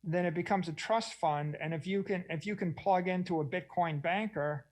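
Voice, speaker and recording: Middle-aged man, fairly high voice, expansive and eager panel speaker. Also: moderate pace, poor audio. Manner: enthusiastic, expansive, acts out quoted voices. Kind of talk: conference panel discussion.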